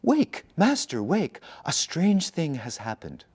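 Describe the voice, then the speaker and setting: A man voicing a bold, excitable young novice monk in a storybook reading. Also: mid-range voice, normal speed, pitched above the performer's own voice. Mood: urgent. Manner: eager, excited.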